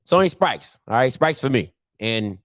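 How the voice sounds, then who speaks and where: Animated man in his thirties ranting. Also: medium pitch, normal speed, no echo, studio quality. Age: 30s. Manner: animated ranting, mocking old-timers in loud put-on voices. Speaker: show host. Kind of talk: casual sports chat to camera.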